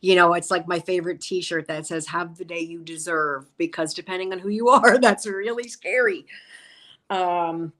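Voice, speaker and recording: A woman casually recapping TV episodes on a podcast, telling it in an animated way. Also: lowish voice, moderate pace. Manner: animated storyteller, acts out quotes. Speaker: podcast co-host.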